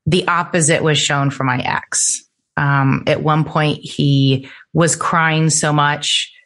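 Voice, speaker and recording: A woman's voice: low voice, steady tone, takes it slowly, fairly bright tone. A middle-aged woman, an interview guest, telling her personal story earnestly and lifting her voice when she quotes people.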